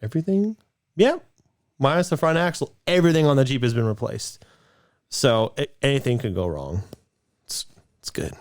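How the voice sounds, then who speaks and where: A man's voice: medium pitch, lively intonation, brisk, no room sound, studio quality. A man in his late twenties co-hosting a podcast, telling a rambling story in casual chat, with lots of restarts. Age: late 20s. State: a bit out of breath. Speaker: podcast co-host.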